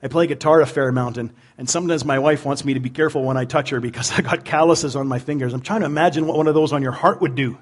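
A man's voice: medium pitch, quick pace, few pauses. A middle-aged man, a pastor, preaching a conversational sermon and often repeating words as he searches for them.

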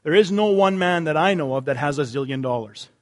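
A man preaching a sermon in a conversational way, asking rhetorical questions and dropping to quiet emphasis on key words. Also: fairly high pitch, animated, fairly quick. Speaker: pastor.

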